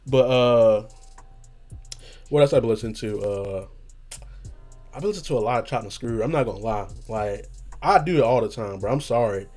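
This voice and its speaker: A man's voice: medium pitch, a little fast, a little mellow. A young man hosting a casual podcast, talking in loose slang and cursing freely. He rambles and trails off hunting for the right word, his voice in a middle range for a man. Faint music plays behind him. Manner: rambling, slangy, swears a lot, trails off searching for words. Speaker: podcast host.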